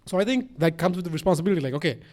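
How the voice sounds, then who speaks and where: A young man with a mixed accent co-hosts a casual podcast chat. His voice sits a little high, and he rambles, swears freely and restarts his sentences as his ideas run ahead of him. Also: rapid-fire. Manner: rambling, profane, animated, many restarts. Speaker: podcast co-host.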